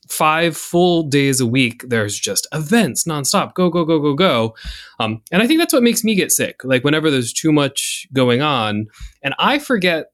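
A man hosts a casual talk podcast with a slightly high voice. His pitch swings a lot as he rambles and repeats himself. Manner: animated, rambling, repeats words. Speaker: podcast co-host. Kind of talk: casual chat.

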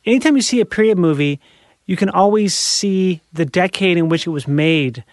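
A man with a notably high voice talks in a loose, rambling way, piling on fillers and breaking into laughs as he goes. The sound is close and dry, with no room around it. He keeps the conversation lively and animated. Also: moderate pace, no echo. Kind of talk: casual chat.

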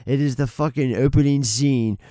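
A man's voice: mid-range voice, steady tone, moderate pace, warm tone, no room sound, studio quality. A man co-hosting a podcast in casual, rambling chat, swearing freely and poking fun at himself. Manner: profane, rambling, self-deprecating. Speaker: podcast co-host.

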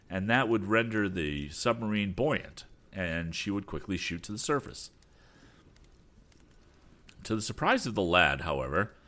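A man narrating a classic adventure novel aloud in a steady, expressive reading. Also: fairly low pitch. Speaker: audiobook narrator.

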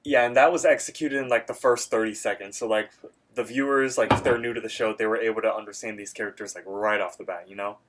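A man's voice: lowish voice, fairly even intonation, quick pace, noisy background. A man co-hosting a casual podcast, recapping a cartoon episode in a rambling, filler-heavy way and acting out character lines. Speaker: podcast co-host.

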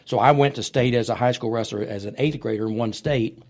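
A middle-aged podcast guest recounts wrestling stories in a studio interview, performing the voices of the people in them with animated flair. His voice is medium-pitched and fairly quick.

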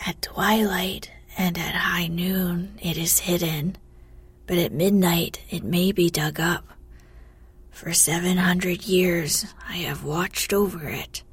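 Ancient male mountain spirit, hoarse and grating, deliberate and low-key; a woman reads it. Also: no echo, full character voice.

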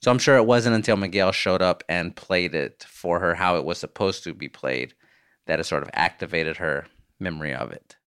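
A man in his thirties hosting a podcast, answering listener voicemails with animated, jokey storytelling and casual swearing. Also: deep voice, normal speed. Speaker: podcast host.

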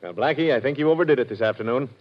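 A man plays a smug, sarcastic police inspector who talks fast and gives orders. His tone is dry and mocking. The sound is dull, like an old radio broadcast. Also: mid-range voice, expressive, lightly acted. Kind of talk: 1940s radio acting.

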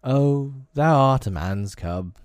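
A man's voice: low voice, expressive, unhurried, mellow, dry recording, clean studio sound. A man voicing a wise, protective male panther who speaks solemnly and tenderly in a storybook reading. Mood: grave, tender.

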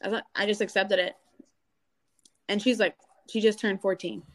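A young adult woman speaks candidly as an interview guest. She talks in an animated, storytelling way and often acts out what other people said. Her pitch sits in the middle of the range. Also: moderate pace. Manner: animated storytelling, acting out quoted voices.

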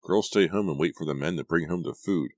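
A man's voice: deep voice, fairly quick, dry recording, lightly acted. A man reading the lines of a cocky, smug teenage boy in an audiobook, sarcastic in tone.

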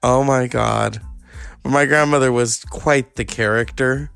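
A man's voice: medium pitch, fairly even intonation, slow, vocal fry, a bit bright, smooth, dry recording, soft background music. A man hosting a podcast, telling rambling stories in a chatty, profane way. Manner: rambling storyteller, profane, chatty with many fillers. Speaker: podcast host. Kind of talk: casual podcast monologue.

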